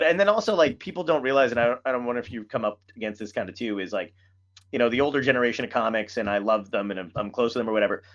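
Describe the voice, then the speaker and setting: Male podcast host, casual storyteller, salty language, average pitch, slightly dull recording. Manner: animated storyteller, swears a lot. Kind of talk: casual chat.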